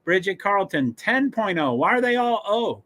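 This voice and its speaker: A man hosting a casual sports watch-along stream, reading team rosters and stats aloud with many fillers, pauses and chatty asides. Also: high-pitched, very animated, a bit bright.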